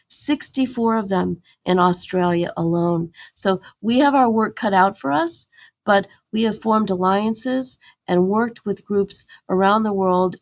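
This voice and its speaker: A woman campaigner, a guest in a podcast interview, telling her story earnestly and with animation, with fillers and restarts. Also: mid-range voice.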